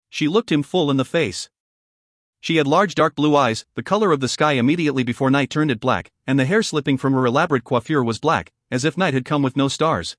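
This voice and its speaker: A man with a medium-pitched voice narrates an audiobook from a script, telling the story in a measured, expressive way. The recording is studio quality with no room sound.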